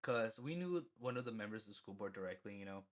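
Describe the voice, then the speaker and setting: A man's voice: on the low side, animated, fast. A young man casually telling a story from his school days, rambling, filling gaps with "you know" and swearing freely. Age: young adult. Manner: laughs at himself mid-story. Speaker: storyteller vlogger.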